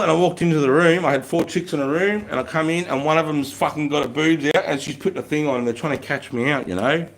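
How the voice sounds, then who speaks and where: A man's voice: on the high side, fast talker, few pauses. An Australian man in his thirties, a former army instructor, telling stories in a casual live stream with blunt, heavily profane speech.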